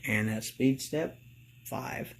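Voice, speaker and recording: A man hosting a casual hobby review video, talking slowly and rambling, getting excited and calling out to his viewers as guys. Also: lowish voice, a little hiss or hum. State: congested from allergies. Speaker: model railroad channel host.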